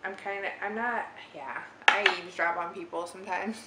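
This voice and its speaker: A young beauty vlogger with a medium-pitched voice talks fairly quickly through a casual makeup tutorial in her living room. The space sounds roomy with faint ambience and heavy background noise, and she rambles and giggles, saying "like" often.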